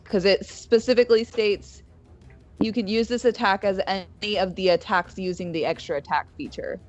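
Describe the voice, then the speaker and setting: A woman's voice: medium pitch, fairly even intonation, moderate pace, soft background music. A woman playing a tabletop game, chatting, laughing and thinking aloud about the rules. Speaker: player. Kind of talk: casual play at a gaming table. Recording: dull lo-fi sound.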